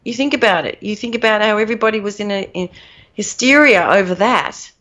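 A woman's voice: mid-range voice, fairly quick, fairly bright tone. A woman co-hosting a podcast in casual chat, rambling and emphatic, laughing at her own points. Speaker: podcast co-host. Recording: dull lo-fi audio.

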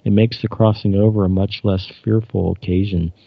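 A man reading as a patient, menacing male alien, low gravelly voice, quiet flat delivery, dry muffled recording. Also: moderate pace, no echo. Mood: coaxing.

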